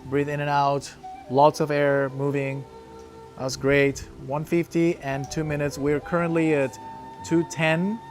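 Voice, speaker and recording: Upbeat encouraging male breathwork coach. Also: fairly high pitch. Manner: encouraging, calls out hold times. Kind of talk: guided breath-hold session coaching.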